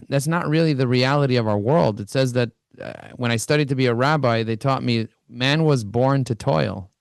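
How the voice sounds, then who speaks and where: A middle-aged man giving an energetic business talk, acting out both sides of sales conversations as he tells his stories. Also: medium pitch, normal speed, gravelly, no room sound, studio quality. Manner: animated storytelling, acts out both sides of dialogues. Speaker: business speaker.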